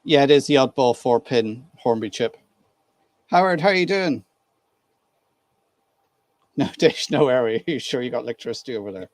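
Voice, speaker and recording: A man's voice: mid-range voice, expressive, normal speed, pauses often, dry recording. A man from Ireland hosting a casual live stream, chatting and laughing with viewers while he works on a model train. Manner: chatty, laughs easily, greets viewers by name.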